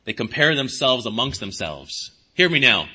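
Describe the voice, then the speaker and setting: A man preaching a sermon as pastor, swinging his pitch and volume for emphasis and acting out imagined speakers. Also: big pitch swings, moderate pace, bright, forceful tone, slightly rough.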